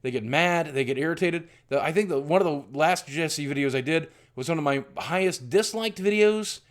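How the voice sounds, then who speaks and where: A man's voice: fairly high pitch, normal speed. A middle-aged man from southwestern Virginia, talking in a candid, rambling, self-deprecating vlog monologue with frequent restarts. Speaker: YouTuber.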